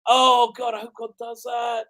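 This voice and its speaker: A man's voice: extremely high pitch, monotone, moderate pace, pushed and bright, raised voice. A middle-aged man, hosting a casual livestream as a rabbi and telling a story in a rambling way, with frequent laughter, fillers and restarts. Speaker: rabbi and show host.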